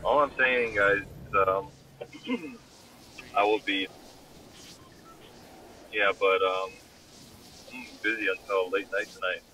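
A young man streaming from his car, teasing his friends in profane banter while his voice is going hoarse. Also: lowish voice, fairly even intonation, slow, long pauses, sharp tone, a little hiss or hum, low-quality recording. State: losing his voice. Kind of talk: casual chat with friends.

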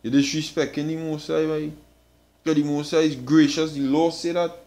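A man's voice: fairly high pitch, little pitch movement, normal speed, a little mellow. A man preaching scripture emphatically, tagging nearly every phrase with "boy" and swearing as he presses his point. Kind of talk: street-style scripture teaching.

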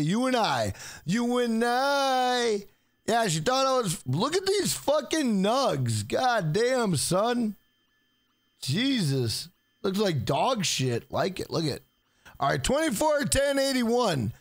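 A man streaming a video game live, swearing freely and loudly hyping up his donors. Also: very high voice, sing-song, slow, no echo, studio quality. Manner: profane, hyped, shouts out donors. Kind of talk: live gameplay stream chat.

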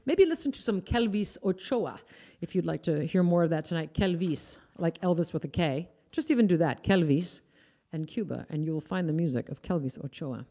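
A woman's voice: deep voice, animated, fairly quick, dark tone. A woman from Iowa hosting a live music stream, chatting casually and explaining things as she goes. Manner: chatty, explaining, trails off and restarts. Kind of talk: casual chat.

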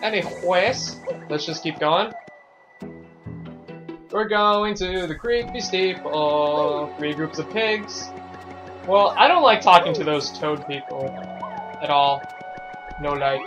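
A man hosting a video game let's play, joking and reading dialogue aloud excitedly. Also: fairly high pitch, slow pace, pauses often, highs cut off, over music. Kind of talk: gameplay commentary.

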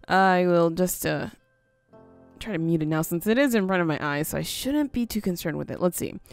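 A gaming video host from the US near the Canadian border chats casually as she plays a building game, thinking aloud and laughing softly often. Her voice is lowish with lively intonation at a normal speed. Soft music plays in the background of this let's-play commentary.

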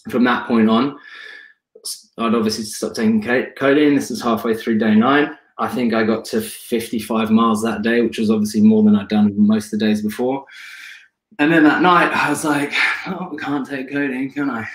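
A man telling a lively story in a casual live interview, acting out what people said and swearing freely, on a video call. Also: fairly low pitch, moderate pace, echoey room, poor audio. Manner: animated storyteller, acts out quotes, swears freely. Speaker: guest, ultra endurance athlete.

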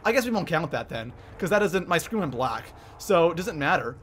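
Male livestreamer, hyped commentary, bright and sharp-toned. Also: on the high side, brisk, slight background noise. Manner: excitable, thanks viewers by name between frantic gameplay reactions. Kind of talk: live gameplay commentary.

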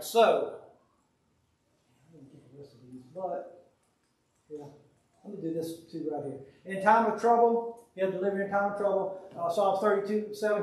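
A man leading a Sunday evening Bible study, reading scripture aloud and talking in a folksy, conversational way. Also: high voice. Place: church room. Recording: very echoey room, speaker far from mic.

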